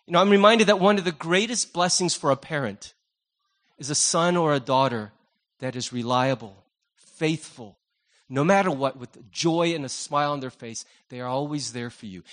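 A man's voice: fairly high pitch, fairly bright tone. Joking middle-aged male pastor. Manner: conversational, self-deprecating humor. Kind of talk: sermon.

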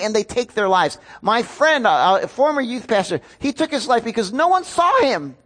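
A man's voice: sits high, very animated, moderate pace, a bit bright. A man, a pastor preaching a sermon in an earnest, storytelling way. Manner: earnest, storytelling with rising emotion.

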